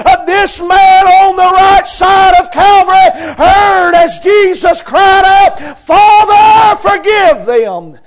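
A man delivers a fervent sermon in a strikingly high voice. He climbs into impassioned shouts and stumbles through repeated words as he presses his point. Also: slow pace, hardly any pauses. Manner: impassioned, rising to shouts, stammering repetitions. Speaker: preacher.

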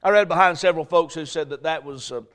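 A male pastor preaching a sermon, swinging between shouted emphasis and quiet storytelling. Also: a little high, fast. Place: church sanctuary.

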